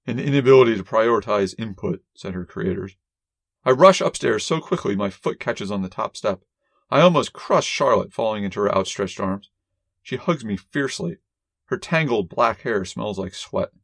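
Low-voiced man reading first-person fiction. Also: lively intonation, moderate pace, gravelly, dry recording, clean studio sound. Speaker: audiobook narrator.

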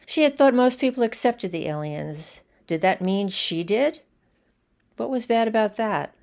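A woman narrating a story in a steady, measured reading style. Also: medium pitch, vocal fry. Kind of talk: scripted narration.

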